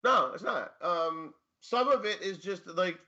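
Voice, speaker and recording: A man's voice: high-pitched, lively intonation, a little slow, bright, forceful tone, lo-fi sound. A man co-hosting a casual sports podcast, rambling with many fillers and dry jokes. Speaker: fantasy football co-host and teacher.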